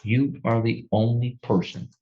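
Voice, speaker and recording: A man's voice: mid-range voice, level tone, measured pace. A male judge giving stern, plainspoken sentencing remarks in a courtroom, often restarting his sentences. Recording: dull lo-fi courtroom recording.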